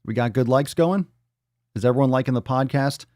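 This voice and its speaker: The host's medium-pitched voice is warm and fairly quick, recorded at studio quality with no room sound. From home, he runs a casual livestream podcast, reading chat comments out loud while talking loosely and cursing freely.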